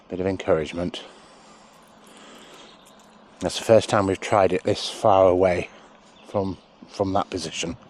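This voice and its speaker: A man training a sheepdog out in a sheep field, calmly explaining each step and breaking off to call the dog in a high, loud voice. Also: a little slow, pauses often. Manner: relaxed explaining, broken by high shouted calls to the dog. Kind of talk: outdoor training demonstration with commentary.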